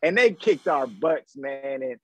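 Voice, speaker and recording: A man in his thirties, a former pro football player, telling stories in a casual interview, slangy and animated, acting out what people said. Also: medium pitch, unhurried, breathy edge, rough recording. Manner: animated, slangy storyteller acting out quoted dialogue.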